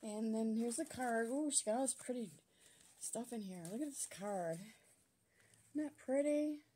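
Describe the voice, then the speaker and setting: A woman with a slightly high, mellow, husky voice speaks at a normal pace. She hosts a craft channel and sits at a table at home, chatting casually and gushing over craft supplies as she unboxes them. She sounds out of breath.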